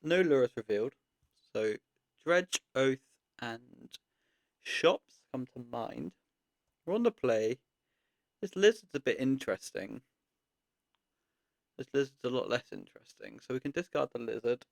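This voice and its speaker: A man giving casual gameplay commentary, thinking aloud in a relaxed way with frequent pauses and ums. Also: medium pitch, gravelly, no echo. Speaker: card game content creator.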